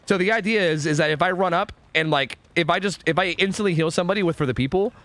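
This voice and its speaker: A young man streaming a video game, rambling and swearing, swinging between groans and excited outbursts. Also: high-pitched, fast talker, no echo. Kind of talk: live gameplay commentary.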